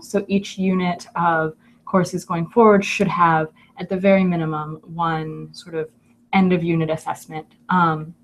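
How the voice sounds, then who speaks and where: A woman on course staff explaining changes casually, measured with frequent ums. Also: lowish voice, slight background noise. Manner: measured, filler-laden explaining.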